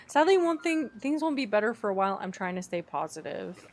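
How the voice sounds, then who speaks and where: A woman streaming and chatting casually with her viewers, playful and laughing often, her voice a little rough. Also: mid-range voice, very animated, fairly quick. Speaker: streamer reading chat. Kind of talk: casual live-stream chat.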